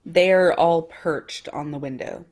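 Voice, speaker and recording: A woman narrating a tabletop game as game master, in a relaxed, casual way. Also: deep voice, takes it slowly.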